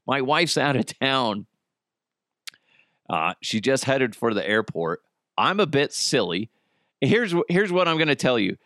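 A man's voice: mid-range voice, big pitch swings, unhurried, long pauses, fairly bright tone, no echo, clean studio sound. Rambling, joking male podcast host. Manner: rambling, joking, self-deprecating, swears a lot. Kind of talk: rambling solo comedy podcast.

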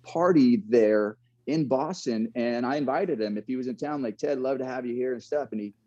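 A man's voice: medium pitch, normal speed, warm tone, no echo, muffled recording. A man, a former ballplayer, reflecting in a casual interview and telling stories with frequent laughs and restarts. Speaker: guest, former pro baseball player.

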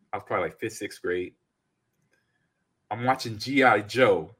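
A man in his forties co-hosting a casual podcast chat, reading out chat comments and acting out stories loudly. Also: fairly low pitch. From California. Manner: animated storyteller, acts out scenes loudly. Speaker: podcast co-host.

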